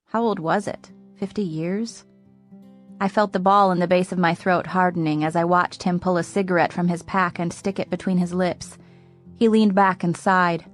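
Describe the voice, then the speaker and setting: A woman reads a first-person audiobook in a measured, reflective way. Her voice sits on the lower side and stays soft-spoken. Faint guitar music plays under the narration.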